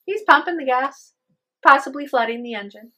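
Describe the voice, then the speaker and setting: A woman's voice: high voice, moderate pace, sharp tone. A woman telling a spoken ghost story with drama, acting out the voices of her characters.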